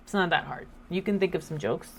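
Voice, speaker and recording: A woman's voice: lowish voice, brisk, gravelly, a little hiss or hum. A woman in her thirties hosting a casual faith talk, chatty and joking, quoting scripture. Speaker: host.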